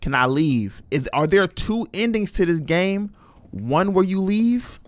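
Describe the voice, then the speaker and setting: Jumpy young man, higher-pitched streamer. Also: lively intonation, measured pace, no room sound. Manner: chatty, jittery, talks to chat in slang. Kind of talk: live horror game commentary.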